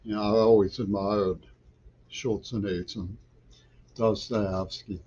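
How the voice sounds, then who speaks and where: Middle-aged male poet for a home vlog; low-pitched, digressive and increasingly insistent, dull lo-fi sound. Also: steady tone, slow, warm tone. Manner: digressive, loose trains of thought that grow insistent. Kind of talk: rambling political monologue.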